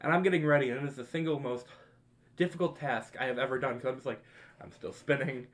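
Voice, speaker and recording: Among friends on his podcast, a young co-host casually retells a story full of swearing and laughter, animated throughout. He talks fast in a mid-range voice.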